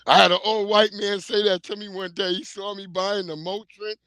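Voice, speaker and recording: Middle-aged guy on a livestream, high bright voice, goofy profane storytelling, laughs a lot. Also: flat delivery, moderate pace, clean tone, no echo. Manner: rambling comic storytelling, profane, laughing often. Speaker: livestream host. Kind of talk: casual livestream chat.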